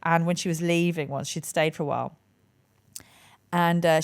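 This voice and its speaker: A woman hosting a podcast, chatting casually and telling stories with animated delivery. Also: sits low, a little fast, clean tone. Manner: animated storyteller, acts out voices. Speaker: podcast host. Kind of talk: casual chat.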